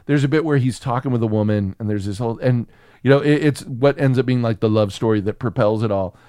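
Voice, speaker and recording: A man co-hosting a casual film podcast, animated and swearing freely as he riffs on a movie. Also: mid-range voice, fast, clear, resonant tone, no room sound, clean studio sound. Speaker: podcast co-host. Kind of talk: casual movie review chat.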